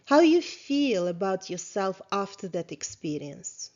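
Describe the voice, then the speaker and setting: A woman therapist leading a guided self-reflection lesson, talking calmly and asking many questions, with small grammar slips. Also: medium pitch. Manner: slow, calm, questioning, with small grammar slips of a non-native speaker. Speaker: therapist teaching a course. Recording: slightly dull lo-fi sound.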